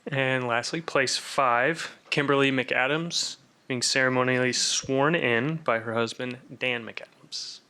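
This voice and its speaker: A man with a bright, clear voice introduces board members at a public meeting before they take their oaths. His delivery is friendly and brisk, with a few fillers along the way. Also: mid-range voice.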